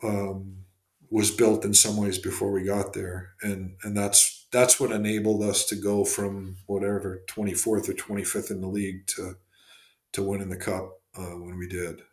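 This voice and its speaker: Low-voiced man in an echoey room. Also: level tone, moderate pace, darkish tone. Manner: rambling, frequent fillers and restarts. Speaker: guest, former hockey executive and scout. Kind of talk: casual podcast interview storytelling.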